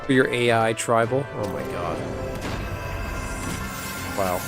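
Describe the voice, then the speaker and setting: A man's voice: medium pitch, slow pace. A young adult man streaming a game, chatting casually with wry, rambling asides to his viewers. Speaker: gaming streamer. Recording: music playing underneath.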